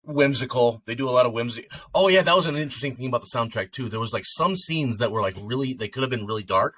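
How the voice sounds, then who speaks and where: Man, podcast co-host, casual movie chat, rambling with fillers, average pitch, dry room. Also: expressive, fast, a bit bright, no room sound. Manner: rambling, filler-heavy, breaks into sung snippets.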